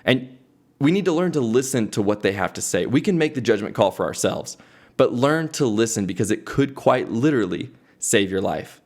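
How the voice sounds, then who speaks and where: A man's voice: mid-range voice, expressive, moderate pace, darkish tone. A young man hosting a podcast, who retells a Bible story conversationally with frequent restarts. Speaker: podcast host. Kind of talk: casual devotional storytelling.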